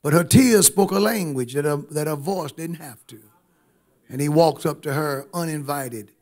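Male preacher, high-pitched, emphatic, engages the congregation, church sermon. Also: normal speed, a little mellow.

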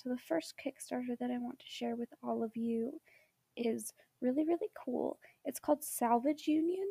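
A high-pitched woman with a gravelly, fry-edged voice that is giving out on her. She rambles eagerly through shout-outs for her tabletop gaming channel. Her tone is mellow and dark, and the sound is close and dry. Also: no echo. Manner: enthusiastic, rambling, many ums. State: losing her voice. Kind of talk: casual product shout-outs.

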